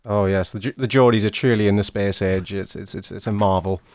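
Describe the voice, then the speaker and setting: A man's voice: lowish voice, fairly even intonation, brisk, a little mellow, no echo. A man co-hosting a comedy podcast, speaking in a mock-earnest, playful way. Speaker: podcast co-host. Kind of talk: casual comedic chat.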